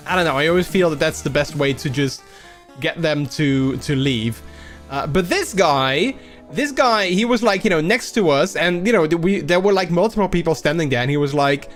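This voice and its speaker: Young male streamer, a little raised pitch, halting rambling chat, faint music bed. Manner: rambling, halting, many restarts and fillers; acts out quoted people in a raised voice. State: a little under the weather. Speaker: livestream host. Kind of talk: casual livestream chat.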